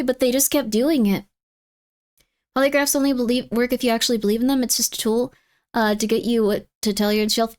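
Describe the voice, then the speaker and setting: A woman streamer chatting casually while reacting to videos, rambling with frequent laughs. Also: on the high side. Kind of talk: casual chat.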